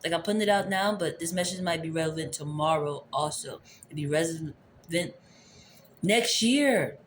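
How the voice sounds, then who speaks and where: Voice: mid-range voice, normal speed, slight background noise. An adult tarot reader giving a casual, rambling spiritual reading into a phone camera, returning to the same phrases. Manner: rambling, repeats favorite phrases.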